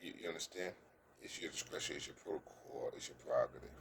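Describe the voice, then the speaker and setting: A man with a bass voice that's creaky and a bit bright gives casual dating advice to the camera, with slight background noise. He coaches earnestly but haltingly, stumbling over and repeating words and keeps asking "you understand?".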